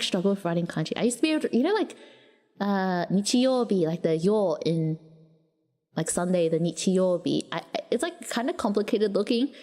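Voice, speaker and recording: Australian woman streamer, rambling casual chat, middle pitch, lots of reverb. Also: a little mellow. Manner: chatty and rambling, with quick restarts and giggles. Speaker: livestreamer.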